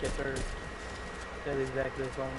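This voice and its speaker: A man's voice: mid-range voice, monotone, brisk, rough recording. A man teasing his friend with dry jokes during a game session. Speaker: gaming friend. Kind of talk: casual chat.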